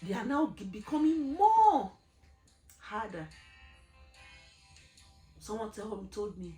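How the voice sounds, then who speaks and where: In an echoey room with faint music, a female gospel speaker delivers an earnest, emphatic testimony sermon, posing rhetorical questions to her listeners. Her voice is fairly high, very animated, and dark-toned, unhurried with long pauses.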